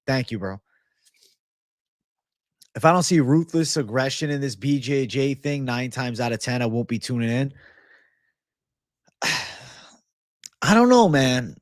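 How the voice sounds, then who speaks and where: A man hosting a livestream chat, talking at a mid-range pitch in a loose, laid-back way, with plenty of blunt swearing. His voice sounds dry and close to the mic. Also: lively intonation, measured pace, long pauses, no echo. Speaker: livestream host. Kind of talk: casual livestream chat, reading viewer comments.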